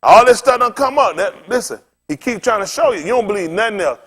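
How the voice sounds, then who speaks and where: A man preaching from the pulpit in a high voice that leaps all over the place. He mixes his sermon with funny stories and talks in a loose, everyday way. He often breaks into laughter as he speaks. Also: fast talker, breathy edge. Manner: animated, colloquial, often laughing while telling stories. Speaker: pastor. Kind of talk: sermon with humorous storytelling.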